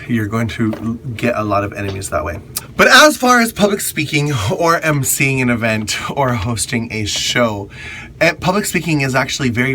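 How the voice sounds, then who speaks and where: A man's voice: medium pitch, pushed and bright, a little hiss or hum. Chatty man giving candid stage advice. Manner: candid, chatty, emphatic repetition. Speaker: drag performer and event host. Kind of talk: casual advice vlog.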